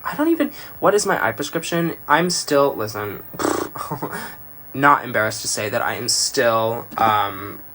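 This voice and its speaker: Playful rambling guy doing his makeup live on his phone, bright voice that jumps all over. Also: mid-range voice, very animated, measured pace, slight background noise. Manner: chatty, rambling, playful, self-deprecating. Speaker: drag performer doing a makeup tutorial. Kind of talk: casual livestream makeup tutorial. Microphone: phone livestream.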